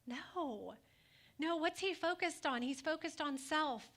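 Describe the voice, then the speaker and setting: A woman's voice: high voice, measured pace, fairly bright tone. A woman pastor preaching a sermon in a conversational way, asking the congregation questions and adding light humor.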